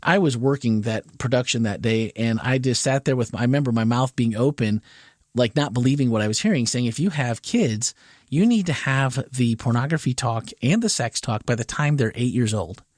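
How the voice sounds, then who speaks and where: A middle-aged man chatting on a church podcast in a loose storytelling manner. He sits at an even middle pitch, and the sound is dry and close with no room echo. Now and then he lifts his voice higher to quote a child. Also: moderate pace. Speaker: podcast co-host. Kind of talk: casual chat.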